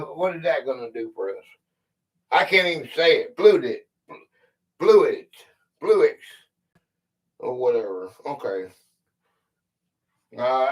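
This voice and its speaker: A man's voice: on the high side, fairly bright tone, recorded from a distance. A man with a Southern US country drawl hosting a live quiz stream, chatting loosely with viewers and reading questions aloud. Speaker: quiz livestream host. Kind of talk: casual livestream chat.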